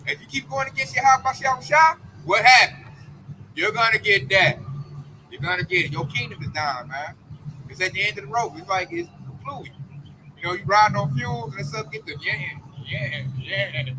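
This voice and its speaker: A man preaches an informal sermon in a fervent, emphatic, slang-filled way. His voice sits very high and rings bright and sharp. Faint vehicle noise hums behind him. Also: poor audio. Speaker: street preacher.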